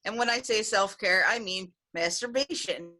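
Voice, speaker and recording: A woman's voice: medium pitch, normal speed. A woman from the USA doing a frank, raunchy stand-up set over a video call. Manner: bold, frank, deadpan delivery of crude jokes. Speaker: stand-up comedian.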